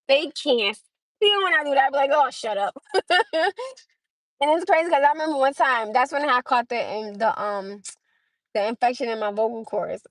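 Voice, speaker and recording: A woman's voice: sits high, normal speed, no echo. A young woman hosting a casual livestream, chatting with viewers, laughing often and greeting them by name. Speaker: livestream host.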